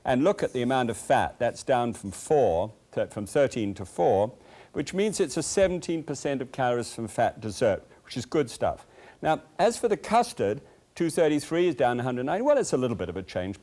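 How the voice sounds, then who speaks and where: A man's voice: medium pitch, a little mellow. A man hosting a cooking show, chatting enthusiastically and telling folksy anecdotes from a TV kitchen set. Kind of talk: cooking show chat and storytelling.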